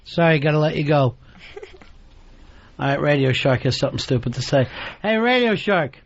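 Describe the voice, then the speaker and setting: A man's voice: a little high, animated, normal speed, vocal fry. A man hosting a talk radio show, teasing guests and taking calls with sarcastic banter. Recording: dull lo-fi archived radio broadcast.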